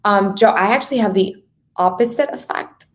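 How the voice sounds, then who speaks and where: A woman's voice: medium pitch, normal speed. Chatty woman, full of "like". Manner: chatty, heavy on "like" and "right?". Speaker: podcast guest, mindset coach. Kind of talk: casual podcast conversation.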